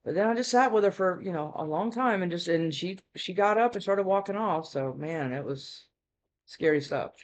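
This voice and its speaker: This is a tarot reader in a relaxed, meandering chat with viewers. The talk runs on with fillers, restarts and frequent tag questions, and the voice sits at an ordinary middle pitch. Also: moderate pace. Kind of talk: casual rambling storytelling chat.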